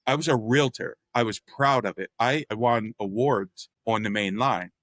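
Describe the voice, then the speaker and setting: A man's voice: mid-range voice, moderate pace, no room sound. A man from the Philadelphia area, an artist and developer, telling stories candidly and acting out the voices of the people in them. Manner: animated storyteller who acts out quoted voices; candid, uses mild profanity. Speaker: guest, artist and real estate developer. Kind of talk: storytelling in a conversation.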